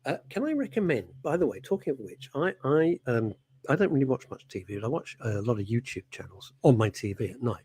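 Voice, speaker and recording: A man's voice: medium pitch, fairly quick, slightly rough. A man hosting a radio show, chatting and joking in a playful way. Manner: animated, jokey, breaks into silly voices. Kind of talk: casual comedic chat. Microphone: studio microphone.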